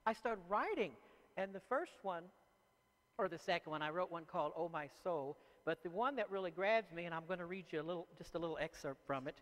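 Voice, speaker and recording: A man, an author, speaking to a live audience as an animated and chatty storyteller. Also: high voice, fairly quick, in a large hall, poor audio. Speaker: author giving a talk.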